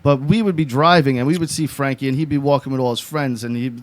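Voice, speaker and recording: A man co-hosting a podcast, telling profane, animated stories in casual chat and reading news items aloud. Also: medium pitch, fast, no room sound. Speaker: podcast co-host.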